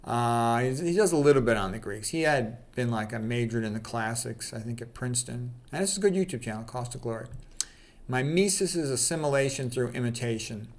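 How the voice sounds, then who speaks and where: A man talks casually on his own, reading out quotes and breaking off to comment. His voice sits at an ordinary middle pitch, and his delivery is conversational and opinionated, full of "okay" and "you know". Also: lively intonation, fairly quick. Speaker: channel host.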